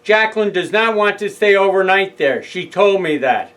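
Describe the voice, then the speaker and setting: Recounting a legal case, this middle-aged man with a New York accent talks casually and acts out both parties in a heated phone fight. He sounds high-pitched and animated, a bit bright, at a moderate pace, on a low-quality recording.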